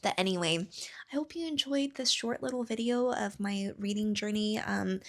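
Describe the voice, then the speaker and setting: A woman's voice: medium pitch, moderate pace, fairly bright tone. A woman in her thirties, a book vlogger chatting casually to camera in a rambling way with lots of fillers. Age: 30s.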